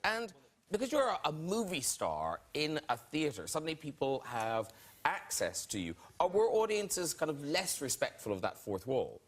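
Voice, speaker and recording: An Irish man hosting a chat show, asking guests quick, playful questions. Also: fairly high pitch, huge pitch swings. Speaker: talk show host. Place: TV studio with audience.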